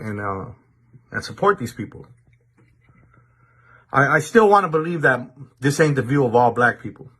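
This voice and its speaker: A man from the Los Angeles area speaking straight to his viewers in a monologue, with a deliberate warning tone and frequent repeated words as he restarts sentences. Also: medium pitch, fairly bright tone, slightly rough. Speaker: commentator addressing viewers. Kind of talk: direct-to-camera monologue.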